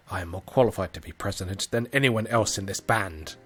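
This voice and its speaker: A man's voice: lowish voice, moderate pace, fairly bright tone, slightly rough, faint music behind, voice pushed down. Clark, a man doing a pompous teen band leader. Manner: self-important speechmaking. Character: pompous ambitious teen boy clarinet section leader.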